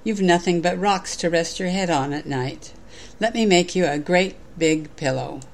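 A woman voicing a kind, calm quilt maker while reading a story aloud. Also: fairly low pitch, moderate pace, a little hiss or hum, close to an everyday voice. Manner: gentle, plain storybook reading.

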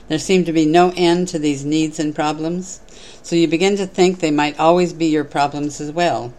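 A storyteller reading a moral parable in a measured, reflective way, then addressing the listener. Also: mid-range voice, steady tone, darkish tone, poor audio.

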